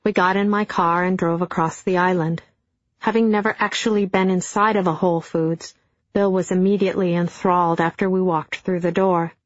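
A middle-aged woman narrating an audiobook in a dry, deadpan storytelling manner. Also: fairly low pitch, normal speed, no room sound. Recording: dull, dry studio sound.

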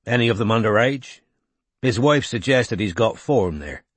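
A man reading an audiobook voices a terse, gruff middle-aged detective. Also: on the low side, animated, normal speed, no echo.

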